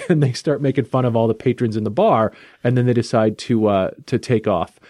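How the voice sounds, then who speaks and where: A man hosting a casual chat, recapping a comic book plot in a lively, jokey storytelling way. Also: medium pitch, a little fast, no room sound, clean studio sound. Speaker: podcast host reviewing a comic.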